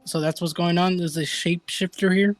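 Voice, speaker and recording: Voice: mid-range voice, steady tone, a little fast, dry recording, soft background music. A player in a tabletop game, negotiating in a polite, careful way.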